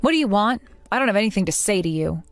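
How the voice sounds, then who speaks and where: A woman's voice: medium pitch, lively intonation, quick pace, dry recording, soft background music, lightly acted. A woman voicing a hurt young bride who speaks in an emotional, earnest way. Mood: cold. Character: hurt young bride, kind but resolute. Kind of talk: voiced drama narration.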